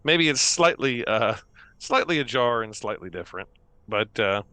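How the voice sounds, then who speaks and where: A man running a tabletop game as game master, narrating in an unhurried way with many pauses and fillers. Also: mid-range voice, lively intonation, sharp tone, dry recording.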